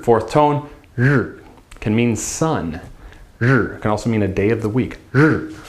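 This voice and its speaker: A man teaching a language lesson, demonstrating sounds slowly and drawing out each one. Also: mid-range voice. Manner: slow, drawn-out demonstration of sounds.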